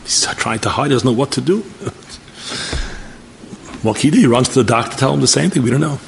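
A man preaching in a storytelling sermon, acting out the dialogue and rising to high, emphatic exclamations. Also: lively intonation, a little fast, vocal fry, a little hiss or hum. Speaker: rabbi.

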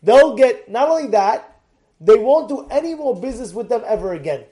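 An excitable man with a strikingly high voice, teaching a Torah lesson. He restarts and repeats phrases and keeps bursting into shouts to drive his point home. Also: normal speed. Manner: excitable, often breaks into shouting.

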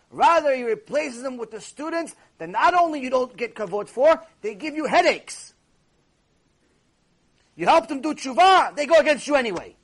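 A man giving a sermon lecture as a rabbi, animated and storytelling, with Hebrew terms mixed in. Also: extremely high pitch, husky.

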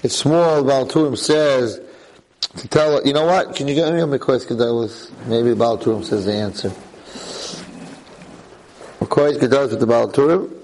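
A man teaching a lively Torah class to a live audience as a rabbi, telling the story with energy and firing off rhetorical questions. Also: medium pitch, moderate pace, long pauses, slight background noise, rough recording.

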